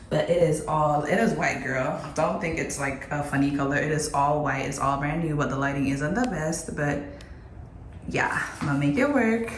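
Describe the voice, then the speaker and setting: A woman giving a casual, excited tour of her new apartment, chatty and playful with slang, filming on her phone. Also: low voice, a little hiss or hum. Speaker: vlogger. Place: large empty apartment indoors. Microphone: phone held in hand. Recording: echoey empty rooms, phone mic.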